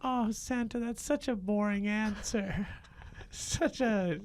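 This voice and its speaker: A man's voice: sits high, slow pace, pitched above the performer's own voice. A man playing a kid in an improv comedy scene, teasing and mocking Santa, laughing mid-sentence. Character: kid annoyed at getting coal from Santa.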